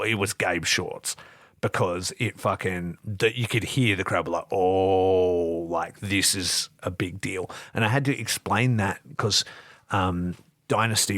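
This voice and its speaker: A man's voice: low-pitched, moderate pace, dry recording, clean studio sound. A man co-hosting a wrestling podcast, telling stories in a loose, profane style and acting out quotes. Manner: animated, profane storytelling with acted-out quotes. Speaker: podcast co-host. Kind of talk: casual wrestling review chat.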